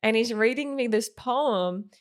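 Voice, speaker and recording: A woman's voice: a little high, measured pace. A young woman casually telling a personal story on a podcast, rambling and filling her sentences with "like". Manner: rambling, heavy use of "like"; animated when quoting.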